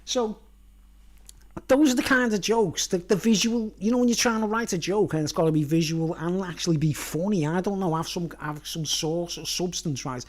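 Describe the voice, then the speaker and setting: A man's voice: high-pitched, moderate pace. A man rambling through a casual vlog monologue in a slightly raised voice. He chuckles at his own jokes and keeps checking in with "you know what I mean", so the talk runs on loosely. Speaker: vlogger.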